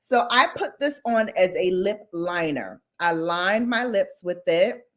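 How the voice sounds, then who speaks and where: A woman hosting a casual live stream, chatting with viewers and ranting in an animated, slangy way with lots of laughter. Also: lowish voice, measured pace. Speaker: livestream host. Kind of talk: casual live chat and rant.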